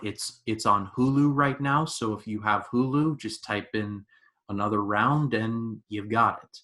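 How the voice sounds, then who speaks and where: Bright-voiced young man reviewing movies. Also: fairly low pitch. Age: 20s. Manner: animated storyteller, lots of "like". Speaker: podcast host. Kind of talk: casual movie review chat.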